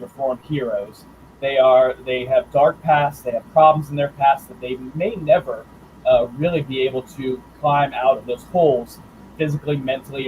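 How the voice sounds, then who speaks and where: A man who writes and draws comics, talking about his work in a casual interview, thoughtful and halting with fillers and restarts. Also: mid-range voice, darkish tone, slight background noise, poor audio. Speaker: comics writer and artist guest.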